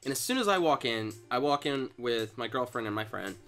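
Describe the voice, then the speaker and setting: A young man chats casually over a game, spinning a story with teasing jokes and quick laughs. His pitch swings widely and his tone is bright, with faint music behind him. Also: lively intonation. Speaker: co-host. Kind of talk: casual gaming chat.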